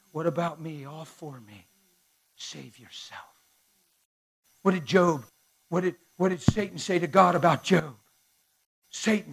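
A man preaching a sermon in an impassioned way, swinging from hushed, quiet lines to shouted peaks. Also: sits high, gravelly, breathy edge.

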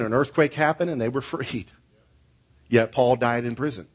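A man's voice: on the low side, husky. A male pastor preaching a sermon, telling stories in an earnest way and closing in prayer.

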